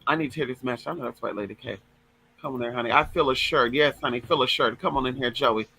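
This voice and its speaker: A man's voice: medium pitch, quick pace, creaky, pushed and bright, breathy edge, rough recording. A man hosting a casual livestream, talking in a sassy, flamboyant way, swearing freely and reading out viewer comments.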